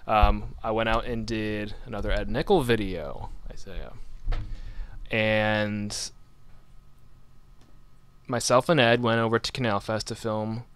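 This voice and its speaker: Smooth-voiced man rambling on a radio show. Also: fairly low pitch, fairly even intonation, takes it slowly, pauses often. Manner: rambling, joking, many restarts. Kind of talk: casual chat.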